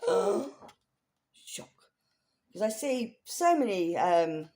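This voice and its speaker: A woman's voice: low-pitched, warm tone, slight background noise. A woman chatting casually through a thrift haul in a rambling, self-correcting way. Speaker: craft vlogger.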